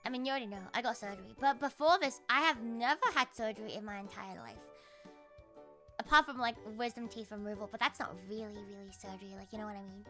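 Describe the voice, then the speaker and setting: A woman's voice: on the high side, fast, sharp tone, soft background music. A woman streamer telling a story in a casual, rambling, profane way.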